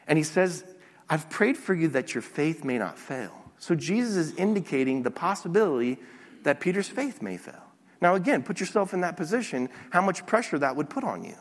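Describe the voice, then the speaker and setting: A man preaching a sermon as a pastor, teaching lively with occasional restarts. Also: a little high, brisk, big-room sound. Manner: animated preaching with some restarts.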